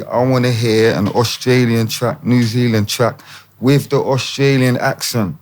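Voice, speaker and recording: A man speaks in a fairly low voice, slangy and emphatic, his talk loose and conversational. A faint room ambience sits behind him. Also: a little hiss or hum. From England. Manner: animated street slang, emphatic. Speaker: guest. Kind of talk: casual interview talk.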